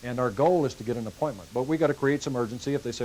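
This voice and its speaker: A man's voice: mid-range voice, very fast, hardly any pauses, darkish tone, low-quality recording. A middle-aged man leading a car sales training session in a folksy way, acting out calls with customers. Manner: folksy, acts out customer dialogue. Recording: hissy 1990s VHS tape.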